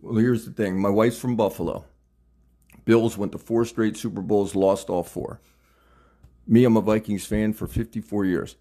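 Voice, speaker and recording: Talkative man in his sixties, casual interviewer, eager and upbeat, a bit low-pitched. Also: fairly even intonation, normal speed, warm tone. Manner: chatty, enthusiastic, laughs often.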